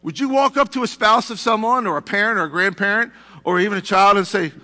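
High, bright-voiced preacher man in a reverberant church. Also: fast talker. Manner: conversational preaching with asides to the congregation. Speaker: pastor. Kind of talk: sermon. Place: church sanctuary.

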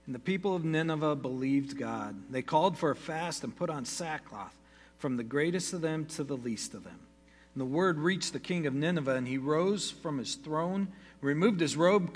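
A man, a pastor, reads a Bible passage aloud to his congregation at a steady pace, with brief casual asides and quick self-corrections. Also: fairly high pitch, slightly rough, in a large hall. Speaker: pastor teaching a Bible study. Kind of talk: reading scripture aloud to a congregation.

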